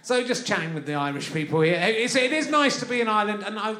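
A London podcast host with a high, bright voice pushes through a live comic monologue at a quick pace and with a forceful tone. He rambles, chats, and laughs through his lines while the festival venue's roomy acoustics surround him.

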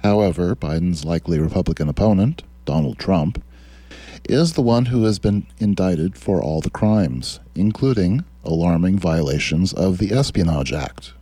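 A man's voice: deep voice, lively intonation, normal speed, warm tone, breathy edge, dry recording. A man hosting a radio talk show, reading quotes aloud and answering them with sardonic, mocking political commentary. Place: radio studio.

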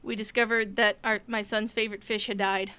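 A woman chatting casually, expressive and quick to laugh, swearing freely. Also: mid-range voice, clear, resonant tone. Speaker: podcast co-host, parent. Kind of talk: casual chat.

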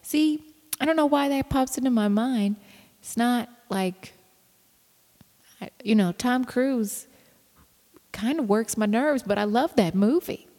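A woman's voice: fairly high pitch, slow pace, pauses often, mellow. A tired woman in her thirties talks casually to her viewers as a mother. She rambles, laughs easily and sometimes drops to a whisper. Her voice carries a long room reverb. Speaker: mother vlogging. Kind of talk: casual chat to camera.

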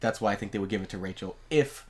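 A podcast co-host in casual chat, relaxed and wry, who starts lines with filler "uh"s while reading out nominees. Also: sits low, fast.

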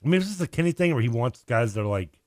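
Man with a lively, bouncing delivery. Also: mid-range voice, no room sound, studio quality. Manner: incredulous, rapid questions, frequent laughs and "I mean". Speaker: radio show co-host. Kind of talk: casual sports radio chat. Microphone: studio microphone.

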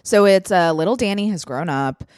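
A woman with a lowish voice hosts a podcast, chatting frankly and loosely. She fills her talk with ums and likes and swears casually. The sound is dry and close, with no room around it. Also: animated, normal speed, a little mellow, no echo. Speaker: podcast host. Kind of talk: casual chat.

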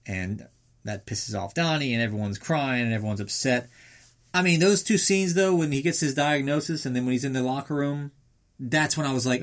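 A man's voice: mid-range voice, brisk. A man casually recapping a film in a rambling, sarcastic way, swearing often.

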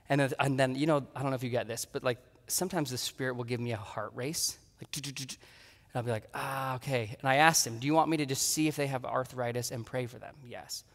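A pastor giving a sermon, telling a story with lively acted-out dialogue. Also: male voice, medium pitch, in a large hall. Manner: animated storytelling, acting out his own dialogue.

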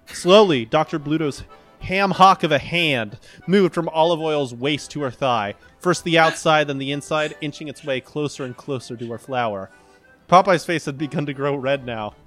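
A podcast host reads comedic fan fiction aloud in a deadpan manner. His voice sits a bit above the usual male range, and faint music plays behind him. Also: on the high side, moderate pace. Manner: deadpan, breaking into laughter.

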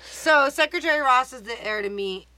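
A woman co-hosting a podcast, recapping a movie in casual chat, animated and swearing freely. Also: high-pitched, normal speed, rough recording. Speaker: podcast co-host.

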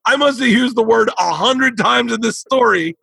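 A man, a comedian, telling a profane story in casual podcast talk, animated and laughing. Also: extremely high pitch, moderate pace, vocal fry, slightly rough, dry recording, poor audio.

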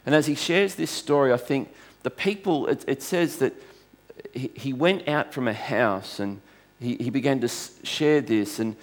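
A male pastor preaching a sermon to a congregation in a conversational, storytelling way, restarting phrases as he goes. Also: mid-range voice.

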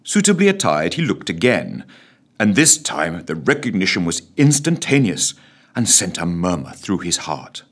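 A man's voice: low-pitched, huge pitch swings, moderate pace. A man narrating a comic story with a wry, mock-solemn delivery.

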